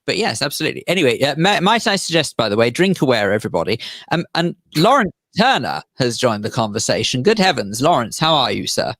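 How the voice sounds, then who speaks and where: A man co-hosts a casual radio show, chatty and earnest with a slightly formal turn of phrase. His pitch moves in a lively way. The sound is dry and close. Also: quick pace, no room sound. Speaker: radio co-host. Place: radio studio.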